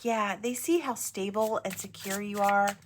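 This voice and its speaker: A woman giving a casual tarot reading to viewers, musing aloud in a chatty way with soft asides. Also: medium pitch, measured pace, noisy background. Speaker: tarot reader.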